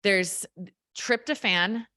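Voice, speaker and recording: A woman health coach explaining things simply in an energetic, casual chat, as a guest. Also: mid-range voice, slow pace, no room sound, clean studio sound.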